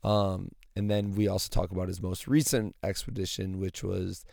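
A male podcast host with a gravelly early-morning voice, chatting casually in a rambling, enthusiastic way from inside a parked car. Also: low voice, level tone, moderate pace, darkish tone, no echo, clean studio sound. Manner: rambling, enthusiastic, many fillers. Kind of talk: casual solo podcast outro.

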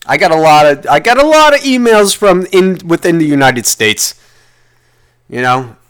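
A man's voice: fairly high pitch, sing-song, moderate pace, a bit bright, smooth. A man hosting a solo podcast, ranting in a rambling way and swearing constantly as he vents. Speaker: podcast host. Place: lives in the United States.

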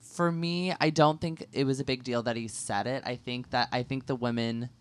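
A man's voice: medium pitch, fairly even intonation, smooth. A young man co-hosting a casual podcast, agreeable and full of fillers, who also reads the sign-off. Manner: agreeable, filler-heavy, quick to react. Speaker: podcast co-host. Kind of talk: casual chat.

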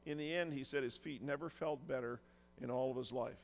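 A man's voice: mid-range voice, brisk, long reverb tail. A man preaching a sermon as pastor, earnest and emphatic, acting out quoted lines with feeling.

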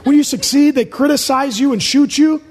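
A man's voice: very high-pitched, fairly even intonation. A man preaching a humorous sermon as a pastor, firing off punchy jokes and short lists in a large church auditorium. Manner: rapid-fire jokey delivery, punchy short lists. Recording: reverberant hall.

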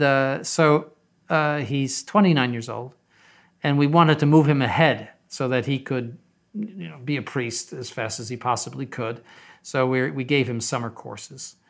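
An older man in a casual interview, wandering through his thoughts with frequent "uh"s and restarts. His pitch is ordinary for a man. He speaks as a seminary head. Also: a bit bright. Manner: rambling, with many fillers and restarts.

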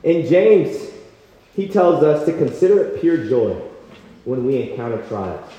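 A young man preaching a passionate sermon at a campus retreat, telling a personal story with lively quoted voices. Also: a little high, measured pace. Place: large hall at a retreat. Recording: echoey hall, dull sound.

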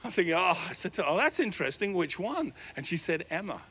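Preaching in a church hall, a middle-aged New Zealand pastor shares a personal story with animation and plenty of self-deprecation. His husky voice sits high, and he talks fast.

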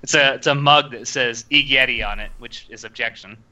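A young man hosting a casual podcast chat, animated and laughing often. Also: mid-range voice, brisk. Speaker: podcast host.

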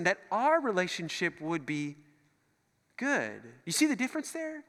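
With long church-hall reverb ringing around him, a middle-aged pastor delivers a sermon at normal speed. His high, bright voice swings up and down as he jokes animatedly and acts out the voices he quotes.

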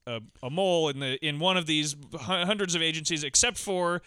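A man's voice: a little high, fairly quick, bright, forceful tone, clear, resonant tone, no echo, studio quality. A man co-hosting a podcast, rambling through casual movie chat with restarts and laughing asides. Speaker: podcast co-host.

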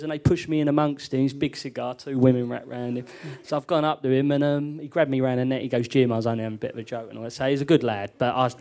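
A man's voice: fairly high pitch, gravelly, background noise. A man, a former footballer, telling anecdotes with lots of laughter on a live podcast in a theatre studio.

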